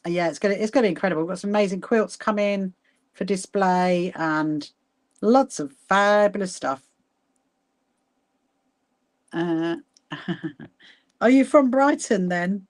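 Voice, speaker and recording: A woman hosting a casual sewing livestream, chatting warmly with viewers by name and laughing often as she works. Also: medium pitch. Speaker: livestream host. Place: sewing room at home.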